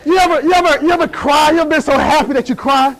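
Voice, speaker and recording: A man in his thirties from Georgia, giving a motivational speech and telling a story to an audience in an animated, playful way with repeated phrases. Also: very high-pitched, fast talker, some chatter behind, rough recording. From Decatur, Georgia. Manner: animated, repetitive, playful, with sudden shifts to hushed. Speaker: motivational speaker.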